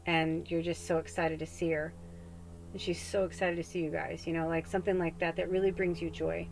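A woman's voice: lowish voice, little pitch movement, fairly quick, creaky, a little mellow, slight background noise, low-quality recording. A woman in her forties hosting a psychic reading podcast, talking in a candid, rambling way, swearing freely and close to tears. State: tearful, close to crying. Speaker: psychic medium host. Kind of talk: casual spoken tarot-style reading podcast.

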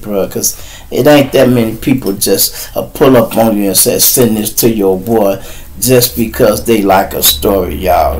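Male host in his fifties, Chicago accent, mid-pitched, loose profane live-stream storyteller. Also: a little hiss or hum, low-quality recording. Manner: profane, rambling storytelling with bursts of mimicked shouting. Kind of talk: casual live-stream monologue.

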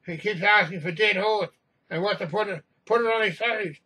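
A man's voice: high voice, brisk, sharp tone, husky, recorded from a distance, exaggerated voice. A man voicing a nervous male flight steward who frets and hesitates. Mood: worried.

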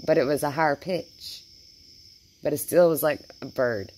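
A woman talking casually and cooing praise in a soft, baby-talk tone, outdoors at night. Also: low-pitched, moderate pace, a little hiss or hum. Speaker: vlogger. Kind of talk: casual talk to a wild animal.

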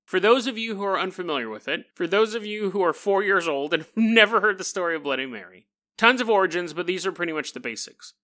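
A man's voice: sits high, lively intonation, fast talker, bright, forceful tone. A man hosting a podcast in a casual monologue, talking in a joking, self-mocking way. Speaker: podcast host.

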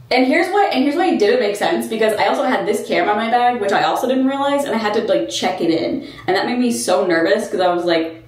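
A woman's voice: on the high side, animated, quick pace. A young woman vlogging casually, telling a storytime with lots of "like" fillers. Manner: chatty, filler-heavy with frequent "like". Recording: echoey room with faint ambient noise.

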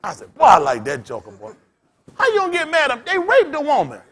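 A man preaching in loose storytelling style as a pastor, blunt and cussing, laughing as he swings between loud bursts and quiet asides. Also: very high-pitched, huge pitch swings, fast. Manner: blunt, street-talking, cussing. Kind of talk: storytelling sermon.

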